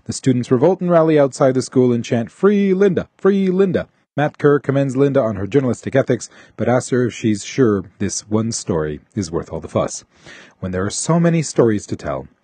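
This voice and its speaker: A man's voice: mid-range voice, expressive, fairly quick, warm tone, slightly rough, no echo. A male podcast host reading listener emails aloud, adding wry asides.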